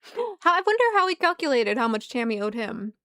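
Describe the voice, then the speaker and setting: Dry-witted woman, clear high-ish voice. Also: sing-song, a little fast, fairly bright tone, no echo. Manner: dry, wry remarks, reads donations aloud. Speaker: livestream co-host. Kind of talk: casual chat.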